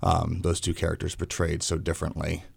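A man's voice: a bass voice, completely flat delivery, fairly quick, gravelly, husky, dry recording. A young man, a stage actor guest, talking casually in a radio interview, hesitant with many fillers and restarts.

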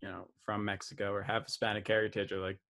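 A man's voice: on the low side, little pitch movement, quick pace, a bit bright. A man from the United States co-hosting a podcast in casual chat, rambling, joking and correcting himself as he goes. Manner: rambling, self-correcting, jokey. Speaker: podcast co-host.

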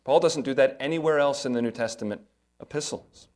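A man's voice: medium pitch, fairly quick, darkish tone. Man preaching an emphatic sermon. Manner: earnest, emphatic preaching with rhetorical questions. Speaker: pastor.

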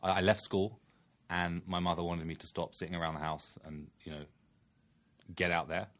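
A man's voice: low-pitched, level tone, moderate pace, a bit bright. A man with a London accent, chatting casually as a podcast guest with dry, laid-back humor. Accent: London English. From England. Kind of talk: casual chat.

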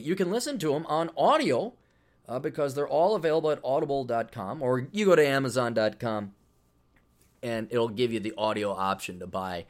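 A man's voice: mid-range voice, moderate pace. A middle-aged man talks casually and bluntly on his podcast. His tone is brash and sarcastic, and he swears freely as he promotes his books. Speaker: podcast host.

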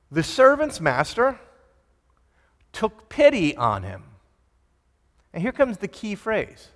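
A male pastor delivers a sermon in a high, expressive voice that rises and falls widely. He tells the story with animation and presses his points with fervor. His words echo through a large, reverberant hall. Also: measured pace, pauses often.

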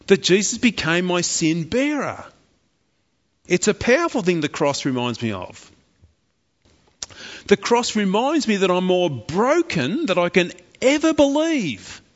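Emphatic preacher with a high, lively voice. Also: male voice. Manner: impassioned, emphatic, repetitive. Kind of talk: sermon. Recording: echoey hall, dull lo-fi.

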